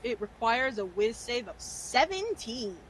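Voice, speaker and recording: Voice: mid-range voice, sing-song, unhurried, fairly bright tone, a little hiss or hum, poor audio. A player in a tabletop game, talking casually, swearing and laughing while taking a turn.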